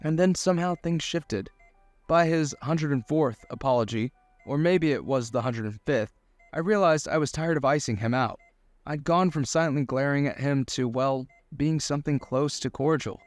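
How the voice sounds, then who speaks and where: A man narrating a first-person romance story in a steady scripted delivery. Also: fairly high pitch, moderate pace, no room sound, faint music behind.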